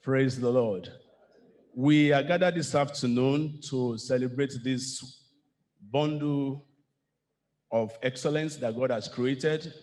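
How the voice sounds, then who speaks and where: A man's voice: mid-range voice, takes it slowly, pauses often, a little mellow. A man hosting a church birthday celebration as master of ceremonies, upbeat and formal. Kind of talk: event hosting. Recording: echoey hall with faint noise.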